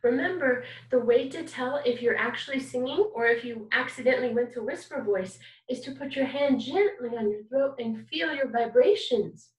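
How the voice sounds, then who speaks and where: A woman with a slightly high voice leads a kindergarten music lesson recorded online, speaking at a moderate pace with few pauses. She's patient and encouraging, quizzing the children and singing examples, though the distant mic yields a reverberant, low-quality sound.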